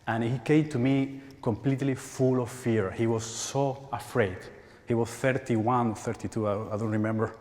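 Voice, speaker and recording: A man in his forties with a Spanish accent, speaking English as a second language at a conference, halting and repeating words and laughing often. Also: medium pitch, steady tone, a little mellow. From Spain. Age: 40s. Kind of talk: conference talk. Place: large church hall. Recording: hall reverb.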